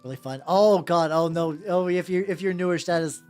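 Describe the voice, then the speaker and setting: With hardly any pauses, this VTuber speaks at moderate pace in a medium-pitched, darkish voice while painting miniatures live. The chat with viewers is casual, profane and meandering, full of self-restarts. Faint music sits in the background.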